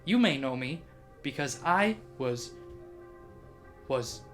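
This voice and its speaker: A man's voice: medium pitch, animated, slow pace, a bit bright, faint music behind. A man voicing a courteous, formal male artificial intelligence made by magic, in a tabletop game. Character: polite male magical AI assistant.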